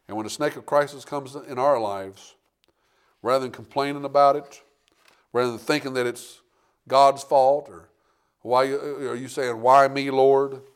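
A male pastor delivering a sermon, swinging between quiet earnest stretches and loud, dramatic bursts where he acts out voices. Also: mid-range voice. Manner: emphatic preaching with rising bursts and dramatic quoted voices.

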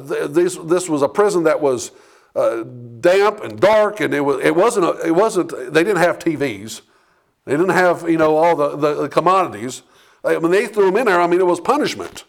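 A male pastor with a notably high voice delivers a sermon in a plain, conversational way. He leans on "okay?" and "Amen?" to keep the congregation with him. His delivery climbs in pitch and force as he urges them on.

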